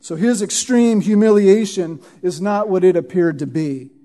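A man preaching an expository sermon, teaching verse by verse, often pausing to ask "Right?" and repeating words for emphasis. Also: high-pitched, warm tone, soft background music. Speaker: pastor.

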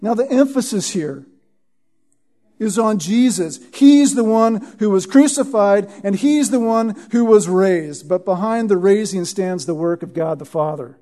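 High-voiced man preaching a sermon. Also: lively intonation, measured pace, mellow. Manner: teaching, repeats words when emphasizing, asks "Right?". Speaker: pastor. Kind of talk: expository sermon.

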